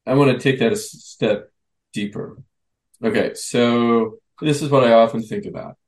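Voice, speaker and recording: A man hosts a youth coaching podcast and works through his questions out loud. His voice sits in a middle pitch and he speaks conversationally. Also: moderate pace, low-quality recording. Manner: conversational, thinks aloud with restarts. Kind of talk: podcast interview.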